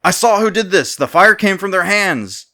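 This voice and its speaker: A man voicing a confused, hard-of-hearing stranger who yells everything back. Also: fairly high pitch, very animated, normal speed, pitched above the performer's own voice, full character voice. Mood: yelling. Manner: yelling, repeating, comically confused.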